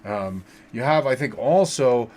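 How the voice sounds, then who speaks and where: In a relaxed tarot livestream, a man at medium pitch and a measured pace reads out viewers' names from the chat and advises them casually. He uses many fillers and repeats words often.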